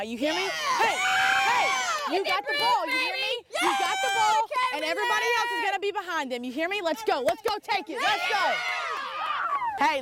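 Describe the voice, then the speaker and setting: Woman softball coach, high lively voice, bossy and fired up, crowd noise around. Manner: energetic, commanding, encouraging. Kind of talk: coaching from the dugout. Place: outdoor softball field.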